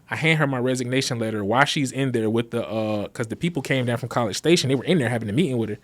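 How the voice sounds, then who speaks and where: In a mid-range voice, this guest talks very fast with few pauses. The thirtysomething graphic designer and business founder tells stories in a relaxed conversation, animatedly performing the quoted dialogue.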